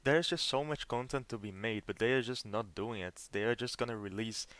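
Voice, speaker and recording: A man's voice: lowish voice, brisk, fairly bright tone, no echo. A young man rambling in a casual gaming commentary, an earnest and disappointed fan who keeps asking "right?" and often restarts his sentences. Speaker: gaming video host.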